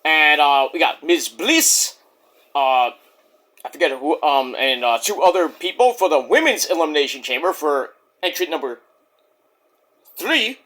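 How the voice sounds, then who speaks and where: A man's voice: a little high, animated, measured pace, pushed and bright. A man casually reviewing a wrestling show in a rambling, jokey, profane way.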